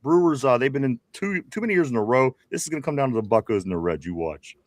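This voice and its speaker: A man's voice: mid-range voice, expressive, fast talker, no room sound. A man co-hosting a casual live sports show, reading viewer comments and laughing often. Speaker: co-host.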